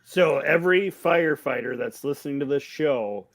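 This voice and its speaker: A man's voice: on the high side, moderate pace. A man teasing the others with a joke in casual podcast banter. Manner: teasing, joking.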